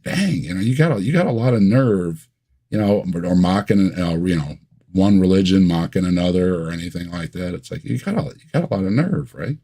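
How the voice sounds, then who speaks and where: A man who is a guest on a casual livestream chat, speaking in a wry, slow and deliberate way with dry asides. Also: low voice, lively intonation, mellow, slightly rough.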